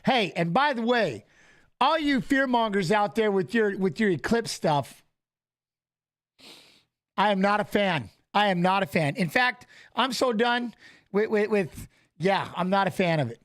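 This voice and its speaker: A man with a high voice hosts a loose, casual live stream. He talks excitedly, calls out viewers by name and repeats his lines for emphasis. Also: unhurried. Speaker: livestream host reading chat.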